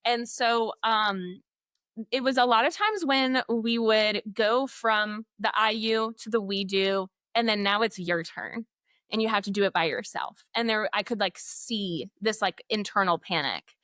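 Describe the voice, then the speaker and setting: A woman educator in an interview, telling classroom stories in an animated way, acting out students and laughing often. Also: mid-range voice, unhurried, no room sound, clean studio sound. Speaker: guest, literacy educator. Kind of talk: conversational interview.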